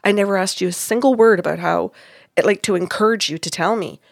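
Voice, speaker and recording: A woman's voice: medium pitch, a little fast, vocal fry, no room sound, studio quality. A woman hosting a podcast, chatting casually as she retells a reading and acts out the dialogue. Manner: animated, acts out quoted dialogue. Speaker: podcast host and psychic reader. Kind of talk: casual storytelling chat.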